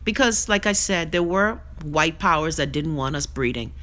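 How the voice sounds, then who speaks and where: A woman's voice: low voice, expressive, normal speed, fairly bright tone. A Bahamian woman hosting a live web show, ranting bluntly and profanely while she reads viewer comments. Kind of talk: livestream rant while reading viewer comments.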